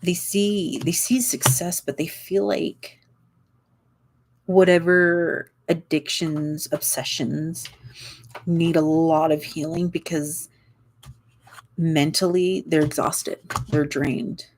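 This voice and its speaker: Young woman, lowish voice, tarot reader; loose, rambling, stop-and-start delivery. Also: fairly even intonation, takes it slowly, noisy background. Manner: rambling, searching for words, frequent likes and laughs. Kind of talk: casual tarot reading monologue.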